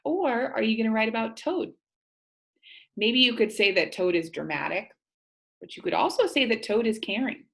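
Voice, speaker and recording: A woman teacher reading a storybook aloud and explaining it to students, asking them gentle questions. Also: on the high side, expressive, normal speed, vocal fry.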